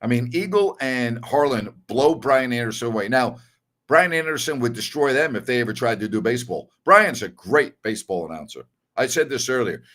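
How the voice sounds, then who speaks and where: Man, sports talk host, middle-pitched voice, blunt opinions, casual conversational delivery, repeats himself for emphasis. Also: expressive, moderate pace, a bit bright. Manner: conversational, with fillers and self-corrections.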